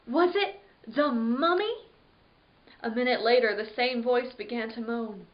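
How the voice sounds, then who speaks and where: A woman's voice: on the high side, moderate pace. Dramatic woman storyteller reading aloud. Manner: dramatic, lively reading with sudden yelps. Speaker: library storyteller. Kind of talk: expressive read-aloud story narration. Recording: dull lo-fi recording.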